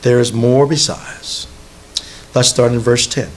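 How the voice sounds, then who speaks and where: A man's voice: mid-range voice, steady tone, unhurried. A man preaching a sermon in a church, talking to the congregation in a conversational way and asking them rhetorical questions.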